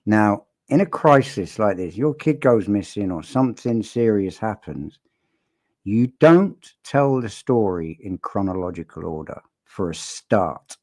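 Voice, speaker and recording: A man's voice: fairly low pitch, lively intonation, measured pace, darkish tone. A man giving casual, blunt and sardonic commentary that breaks down a recorded interview, often restarting his sentences. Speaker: statement analysis commentator.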